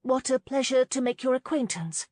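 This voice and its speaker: A woman's voice: sits high, animated, moderate pace, warm tone, no echo, pitched above the performer's own voice. A woman voicing a young, proper countess who stammers when flustered.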